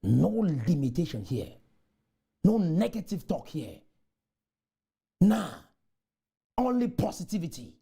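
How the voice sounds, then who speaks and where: A man from Cameroon, giving a motivational conference speech full of repeated chants that burst into shouts. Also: a little high, big pitch swings, slow pace, vocal fry, pauses often, husky. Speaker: motivational speaker. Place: conference room.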